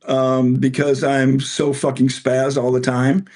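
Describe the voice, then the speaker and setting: A man guest on a casual podcast, excitable and self-deprecating, swearing casually as he asks for advice. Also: medium pitch, slow pace.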